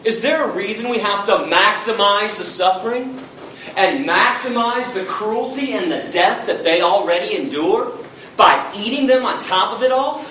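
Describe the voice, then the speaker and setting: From the far end of an echoey hall comes a man from the United States lecturing the public with passion, blunt and fiery and ready for confrontation. His voice is high-pitched and fairly bright, with a little hiss or hum in the recording.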